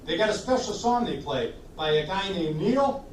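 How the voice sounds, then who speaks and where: A man's voice: sits high, animated, normal speed, slight background noise. Upbeat man leading a sing-along in a roomy hall. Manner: chatty, encouraging, leads audience singing. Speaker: sing-along entertainer for seniors. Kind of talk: live sing-along show with chat between songs. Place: senior living community hall. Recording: roomy hall, heard from a distance. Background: instrumental backing music.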